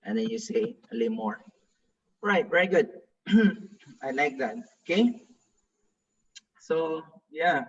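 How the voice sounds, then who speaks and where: A man's voice: fairly high pitch, lively intonation, slow pace, long pauses, breathy edge. A man, a pastor, teaching a Hebrew reading class and patiently drilling pronunciation with repeated examples, heard on a distant, dull classroom recording. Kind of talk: classroom lesson.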